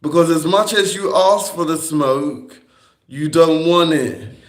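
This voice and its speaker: Slow, confrontational man in an echoey room. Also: fairly high pitch. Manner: confrontational, repetitive, swearing at critics. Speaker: livestreamer. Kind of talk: rambling livestream monologue. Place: indoor room on a livestream.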